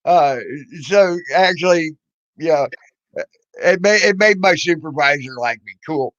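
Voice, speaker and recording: A man's voice: fairly high pitch, unhurried, fairly bright tone, no echo. A middle-aged man hosting a livestream, chatting casually, swearing freely and often stammering over his words. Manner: laid-back, swears freely, stammers and repeats. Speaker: livestream host. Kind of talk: casual profane chat. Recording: dull, dry lo-fi audio.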